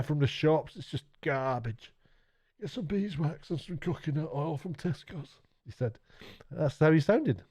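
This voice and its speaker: A middle-aged man rambling chattily through a late-night vlog, stumbling and restarting as he mocks himself. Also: a little high. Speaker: YouTuber and TV director. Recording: dull lo-fi sound.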